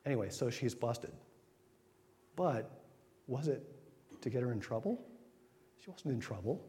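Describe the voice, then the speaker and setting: A man giving an informal sermon, retelling scripture in a conversational way with quick acted asides. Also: medium pitch, lively intonation, warm tone. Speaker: preacher. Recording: long hall reverb.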